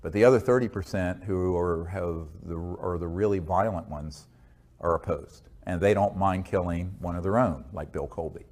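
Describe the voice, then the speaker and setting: An American man with a low voice, answering interview questions in an earnest, measured way. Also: a little mellow. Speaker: interview guest.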